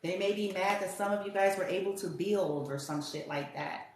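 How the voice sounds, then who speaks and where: A woman's voice: medium pitch, normal speed. Blunt, profane woman reading tarot. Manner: blunt, profane, rambling rant. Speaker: tarot reader. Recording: very echoey room with faint hiss.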